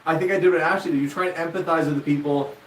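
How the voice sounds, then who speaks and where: A middle-aged man chatting on a live stream, animated and joking, voice set a bit high. He sits away from the mic, so the room echo is heavy. A faint hiss of noise sits under him. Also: rapid-fire, far from the mic. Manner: animated, jokey, acts out quotes. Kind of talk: casual chat, storytelling.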